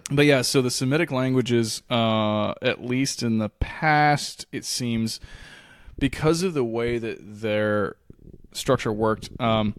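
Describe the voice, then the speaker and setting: A man's voice: medium pitch, slow pace, clean tone, no echo. A man co-hosting a podcast in a loose, profane, easygoing way, laughing often. His voice sits mid-range and the sound is dry with no room around it. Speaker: podcast co-host. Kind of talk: casual chat.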